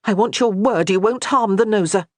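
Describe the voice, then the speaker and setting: A woman's voice: medium pitch, normal speed, no room sound, studio quality, voice pushed up, lightly acted. A woman voicing an exasperated noble lady. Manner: sharp, raised, scolding delivery. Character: exasperated young noblewoman, strong-willed lady of a clan. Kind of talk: audiobook character voice.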